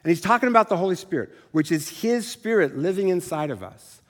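A man's voice: high-pitched, expressive, brisk. A middle-aged man preaching a sermon in a conversational, self-deprecating way. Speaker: pastor. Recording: long reverb of a large hall.

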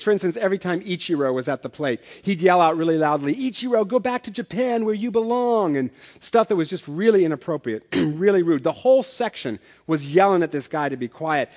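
A man preaching a sermon as pastor, telling stories in a conversational way with self-deprecating humor. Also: high voice. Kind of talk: sermon with storytelling. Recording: long hall reverb.

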